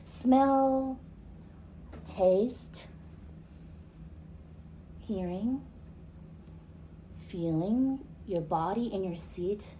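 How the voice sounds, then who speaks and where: A woman hosting a podcast, talking casually and asking her listeners questions, and later leading a group through an animated guided exercise. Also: medium pitch, drawn-out words, long pauses, a little hiss or hum. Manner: chatty, asks the listener questions. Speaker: podcast host. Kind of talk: casual chat and recorded workshop talk.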